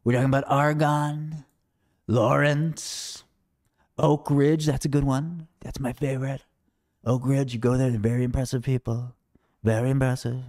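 A man's voice: mid-range voice, a little mellow, no echo, clean studio sound. A man giving rambling, sarcastic livestream commentary, mocking and wandering off topic.

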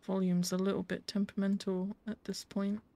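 A woman's voice: mid-range voice, little pitch movement, fairly quick, gravelly. A woman hosting a reaction video, chatting casually and gushing with giggles as she thinks aloud.

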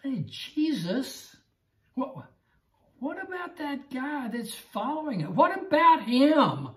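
A man's voice: very high voice, sing-song, slow pace, a bit bright, pitched above the performer's own voice, full character voice. A man voicing the apostle Peter as an adult man stammering out pleading excuses. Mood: whiny pleading. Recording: roomy echo.

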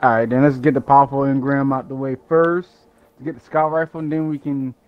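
A man chatting with his friend about a video game they are playing, relaxed and easygoing. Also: medium pitch, a little fast, clear, resonant tone, dry recording, muffled recording. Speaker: gaming friend. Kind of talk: casual gaming chat.

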